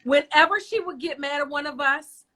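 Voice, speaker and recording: A woman talking in an animated, emotional way in casual chat, sharing warm family memories. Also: high-pitched, moderate pace, crowd noise. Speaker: host.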